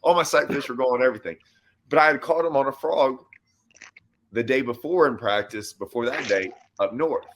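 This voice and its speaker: Man in a relaxed conversational chat, talks like a pro angler, spins a long story, acts out the quotes in his tale. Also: medium pitch, normal speed. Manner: animated storyteller who acts out his own and others' quoted lines. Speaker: host and professional bass angler.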